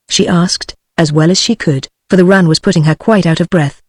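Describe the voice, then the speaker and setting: A text-to-speech voice narrating a storybook audiobook, with a flat synthetic delivery. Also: medium pitch, brisk, few pauses, husky, dry recording.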